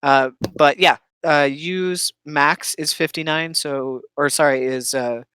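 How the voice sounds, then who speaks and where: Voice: mid-range voice, steady tone, slow, a bit bright, smooth, dry recording. A game master running a tabletop game, patiently checking rules aloud between bits of narration.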